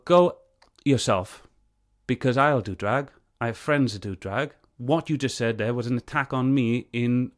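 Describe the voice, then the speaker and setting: A man reviewing a video clip, arguing back at it in an earnest, heated way. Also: mid-range voice. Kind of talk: reaction commentary on a clip.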